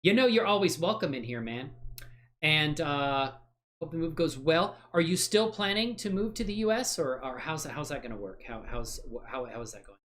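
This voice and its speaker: A man hosting a software livestream, chatting casually and thinking aloud while he works, rambling and joking at his own expense with frequent laughs. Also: on the high side, animated, normal speed. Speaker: livestream host.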